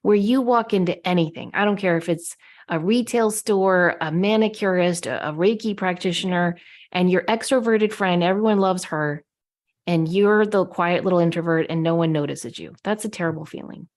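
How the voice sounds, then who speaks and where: Podcast co-host, woman, slightly low voice, opinionated and indignant in casual talk. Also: normal speed.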